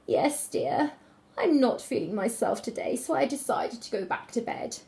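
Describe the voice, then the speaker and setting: A woman voicing a clever, hungry male wolf in a fairy tale, soft and sweet-talking as he fakes an old lady. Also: fairly high pitch, animated, normal speed, vocal fry, voice pushed up. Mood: sly.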